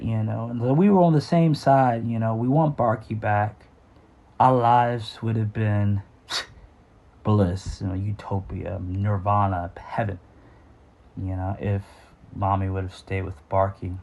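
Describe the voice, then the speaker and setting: Husky middle-aged man telling his story. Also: on the low side, a little mellow. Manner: halting, with frequent fillers and restarts; earnest and sighing. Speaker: memoir storyteller. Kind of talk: unscripted personal storytelling.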